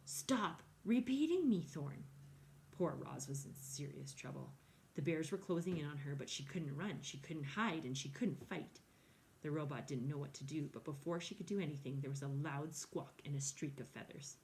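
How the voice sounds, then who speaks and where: Low-voiced woman reading a storybook. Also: moderate pace, creaky, a little hiss or hum. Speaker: reader. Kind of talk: reading a children's novel aloud.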